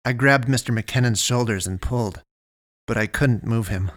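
A man narrating a first-person story in a measured, deliberate way. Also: mid-range voice, a bit bright, dry recording, clean studio sound.

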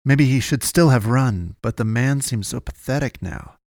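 A man narrating a dark fantasy story in a measured, deliberate reading. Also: mid-range voice, gravelly, no room sound, studio quality. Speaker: audiobook narrator. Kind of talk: scripted fiction narration.

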